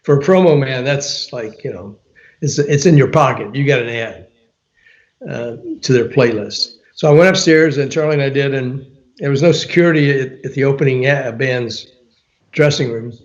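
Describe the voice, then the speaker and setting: Older man telling a lively anecdote. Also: medium pitch, moderate pace, highs cut off. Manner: animated storyteller, laughs often, frequent fillers, quotes people in dialogue. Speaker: interview guest, author and former radio promo man. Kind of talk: storytelling anecdote in interview.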